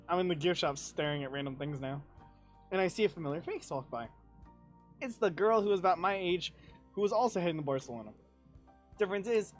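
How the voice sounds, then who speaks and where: A young man, a podcast guest, telling a travel story in casual chat, swearing freely and laughing as he talks. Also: fairly high pitch. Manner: profane, animated, laughs through his story.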